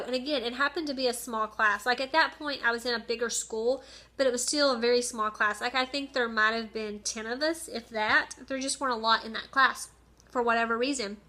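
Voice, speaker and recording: A woman's voice: on the high side, moderate pace, pushed and bright. A woman, chatting in a rambling, heartfelt way about her favorite teachers. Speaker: teacher vlogger. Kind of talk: casual personal vlog.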